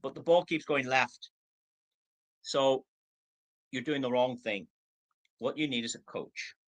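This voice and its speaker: A network marketing trainer in his sixties gives a motivational training talk over a video call, acting out replies in quoted voices. His voice is mid-range and fairly bright, his pace slow, and the audio poor.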